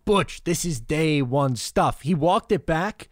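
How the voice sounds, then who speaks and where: A man's voice: fairly high pitch, slow, dry recording, studio quality. A man co-hosting a casual podcast chat, joking and teasing. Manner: lively, joking, mocking. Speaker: co-host.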